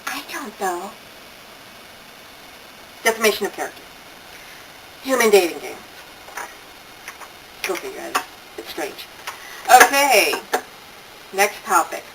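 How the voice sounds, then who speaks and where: A woman's voice: mid-range voice, big pitch swings, takes it slowly, gravelly, long pauses, noisy background. Chatty older woman, slightly distant mic. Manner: chatty storytelling, acts out quoted voices, laughing asides. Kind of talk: casual monologue.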